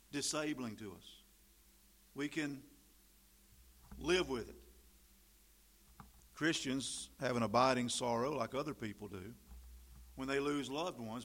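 A middle-aged man preaching a sermon, swinging from loud emphatic stresses to quiet asides. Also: mid-range voice, creaky. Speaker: pastor.

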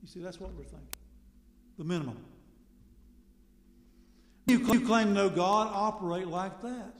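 A man preaching a sermon in a conversational way, asking rhetorical questions and suddenly getting loud for emphasis. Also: sits high, moderate pace. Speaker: pastor. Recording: echoey hall with long reverb.

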